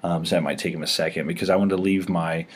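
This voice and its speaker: Low-voiced man rambling through a tech show. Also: fairly even intonation, fast talker, breathy edge. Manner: rambling with many fillers and restarts. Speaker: host. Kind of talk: casual screen-recorded tech chat.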